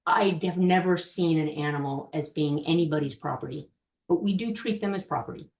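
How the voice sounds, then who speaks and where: A woman's voice: low voice, fairly quick, a little mellow, roomy sound, a little hiss or hum. A woman animal communicator speaking earnestly as a podcast guest in short, firm statements. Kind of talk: casual podcast chat.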